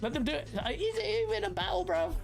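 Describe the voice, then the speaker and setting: A young British man with London slang, hosting a casual gaming reaction stream, animated and rambling as he banters with his chat. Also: very high-pitched, fast talker, creaky, soft background music. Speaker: gaming commentator host.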